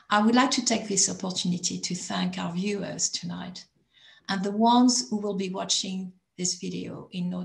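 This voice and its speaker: A woman from abroad telling a personal story in a calm, measured, reflective way on a video call. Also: mid-range voice, vocal fry, echoey room. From not from England. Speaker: chat panelist.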